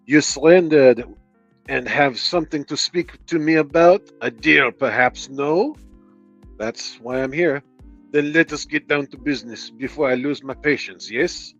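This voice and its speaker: A man voicing a smug, villainous general in a bad French Bond villain impression, loud and theatrical. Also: fairly high pitch, unhurried, highs cut off, faint music behind, voice pushed up.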